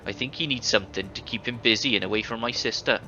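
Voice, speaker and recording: A short-tempered villager. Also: male voice, on the low side, quick pace, pushed and bright. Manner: weary, slightly irritable. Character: harried male villager, short-tempered brother. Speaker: game character. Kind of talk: video game voice acting. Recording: dull game audio with faint hiss.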